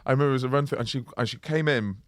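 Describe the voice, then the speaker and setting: A man's voice: mid-range voice, a bit bright, no room sound. An English comedian in casual podcast chat, with a mid-range voice. He often stumbles over his words and restarts sentences, and he laughs a lot. The sound is dry and close to the mic. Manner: halting restarts, frequent laughs.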